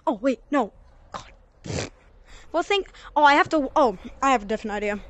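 A young female gamer giving rambling, excitable commentary over her gameplay and yelling when she fails. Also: high voice, moderate pace, dry recording. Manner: excitable, yells at failures, rambling. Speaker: gaming channel creator.

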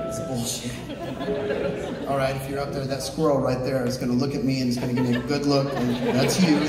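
A man tells a story from a theater stage, earnest, moving between hushed moments and loud, excited bursts. His voice is heard from far off, echoing heavily through the hall, with music playing underneath. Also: medium pitch.

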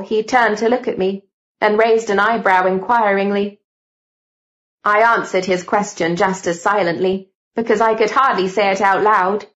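A woman narrating an audiobook with clear, steady storytelling. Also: mid-range voice, dull audio. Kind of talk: scripted narration.

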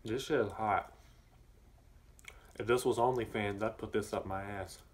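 A man's voice: fairly even intonation, measured pace. Sassy young Southern man chatting. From southern United States. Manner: sassy, blunt and campy, with bursts of high exclamations; talks with his mouth full. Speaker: vlogger. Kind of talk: casual chat while eating.

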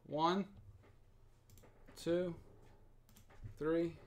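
An excitable host giving live commentary while opening sports cards, exclaiming over the pulls. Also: medium pitch, very slow. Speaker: sports card break host. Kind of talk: live card-break commentary.

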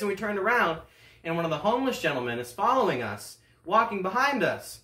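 A teenage boy telling a comic story on a school stage, animated and laughing as he goes. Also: high-pitched, a little fast. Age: teens. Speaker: talent show performer. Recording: roomy hall, mic at a distance.

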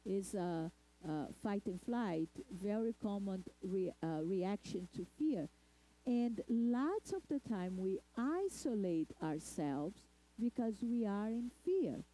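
A woman giving a lecture talk at a spiritist center, speaking deliberately and checking in with the audience. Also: medium pitch, very animated, warm tone, poor audio. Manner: deliberate, asks the audience "okay?" often.

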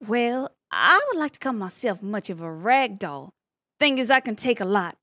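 A woman's voice: mid-range voice, big pitch swings, moderate pace, a bit bright, no echo. A woman with a Southern US accent playing an eager, giggly young Southern belle applying to be a police cadet, in an improvised role-play. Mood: earnest. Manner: bubbly, giggly, eager to please. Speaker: job applicant.

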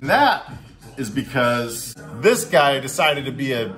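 A young male vlogger chatting to his camera in a loose, joking, upbeat way. His voice sits at an ordinary mid pitch for a man, with faint music playing underneath. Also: very animated, measured pace, fairly bright tone. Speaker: vlogger testing drinks on a breathalyzer. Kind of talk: casual on-camera vlog.

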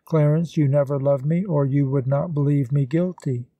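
A man's voice: a little high, steady tone, moderate pace, warm tone, no echo, dull audio, lightly acted. A man reading as a delirious pleading woman. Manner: beseeching.

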